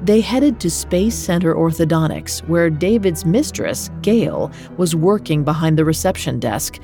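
A woman reading a scripted true-crime podcast narration in a measured, even delivery. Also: low-pitched, creaky, faint music behind.

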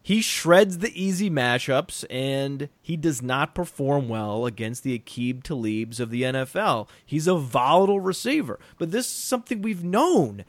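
A man hosting a fantasy football talk show, animated, swinging his pitch widely for emphasis and laughing easily. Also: measured pace, hardly any pauses, no room sound. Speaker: podcast host.

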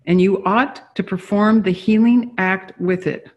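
A veiled spirit woman, the soul of a slain child, issues calm commands, as a reader puts her on. The delivery is slow and measured, in a middle-pitched voice. It sounds like a book being read aloud. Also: muffled recording, natural voice. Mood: commanding. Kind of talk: reading dialogue aloud from a book.

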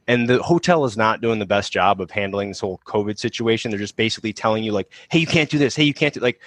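A man's voice: fairly low pitch, no room sound. A man co-hosting a podcast, telling a story in a casual, blunt way, swearing freely and often restarting his sentences. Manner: blunt and profane, with frequent restarts. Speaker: podcast co-host, Marine veteran.

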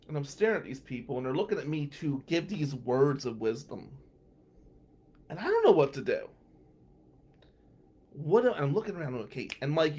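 Animated man telling a story. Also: on the high side. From New Jersey. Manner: animated, acts out the voices of people in his story. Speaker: podcast guest. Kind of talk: storytelling anecdote.

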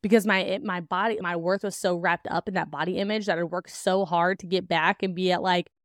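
A woman's voice: fairly low pitch, steady tone, brisk, dry recording, studio quality. A young woman hosting a podcast, talking candidly about her own life in a chatty way, with lots of "like" fillers and laughs. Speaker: podcast host. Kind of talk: personal storytelling to listeners.

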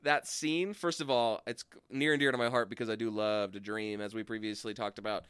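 Man, smooth resonant voice, dry close sound, goofy laughing co-host, casual podcast banter. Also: fairly low pitch, steady tone, fairly quick, a bit bright, no room sound. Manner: laughing, goofy, swearing freely. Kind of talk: casual comedic chat.

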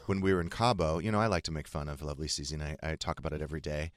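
A man hosting a podcast, telling stories in a casual, animated and teasing way. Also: extremely low pitch, very fast, no room sound, studio quality. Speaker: podcast host.

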